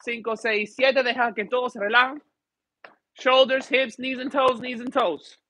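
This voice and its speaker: A man's voice: very high voice, little pitch movement, normal speed, sharp tone. A man teaching a live dance class, counting steps aloud and switching between English and Spanish while joking with students. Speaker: dance instructor. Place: dance studio.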